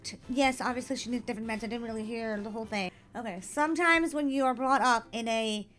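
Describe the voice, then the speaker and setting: A woman's voice: on the high side, fast, a bit bright, soft background music. A woman co-hosting a reaction video who keeps asking questions, reacts with disgust, and explains her views earnestly. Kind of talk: casual reaction chat.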